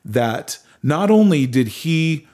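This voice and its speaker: A man's voice: fairly high pitch, very animated, slow pace, darkish tone. A middle-aged man, a musician guest, talking earnestly in a casual interview, often restarting his sentences. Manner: earnest storyteller with many restarts. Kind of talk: casual conversation.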